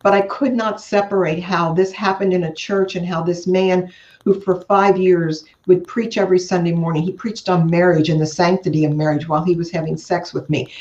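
An older woman guest speaking earnestly and in a measured way in an interview. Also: lowish voice, steady tone, dark tone. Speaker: guest, author. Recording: echoey, muffled remote audio.

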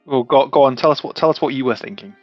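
A man's voice: medium pitch, quick pace, dry recording, highs cut off, soft background music. A man playing a tabletop game, talking casually and often repeating words as he stammers. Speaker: player.

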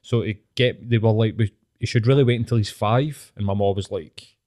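A man's voice: on the low side, a little fast, a little mellow. A young Scottish man hosting a podcast, telling stories animatedly with swearing and laughter. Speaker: podcast host. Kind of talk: casual chat.

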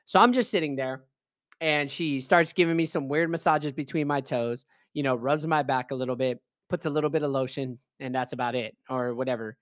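A man telling a personal story in casual, animated, emphatic speech, swearing freely. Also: a little high, no echo. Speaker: podcast host. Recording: dry close voice message.

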